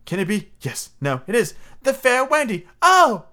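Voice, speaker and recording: A man's voice: fairly high pitch, sing-song, fairly quick, a bit bright, pitched above the performer's own voice. A man voicing a prim, motherly young girl who tells stories with sweet, gushing drama.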